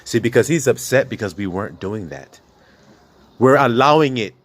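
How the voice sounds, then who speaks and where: A man's voice: mid-range voice, expressive, moderate pace. Impassioned, blunt male preacher. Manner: impassioned, blunt and profane, with rhetorical questions. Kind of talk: preaching to a congregation.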